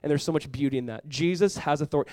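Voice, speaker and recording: Fast-talking earnest male preacher. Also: a little high, darkish tone, dry recording. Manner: earnest and conversational, acting out quoted reactions. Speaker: pastor. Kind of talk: sermon.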